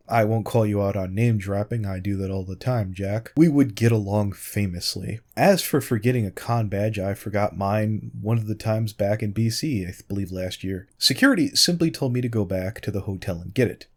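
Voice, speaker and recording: A YouTube commentator with a fairly low, darkish voice answers a critic in a commentary video. He's sarcastic and pointed, arguing straight at the man and calling him by name again and again.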